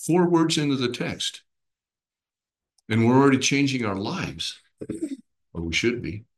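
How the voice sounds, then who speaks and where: A man's voice: medium pitch, sing-song, a little slow. A man teaching a small Bible study group in a conversational way. He asks his listeners questions and acts out little voices and expressions as he explains.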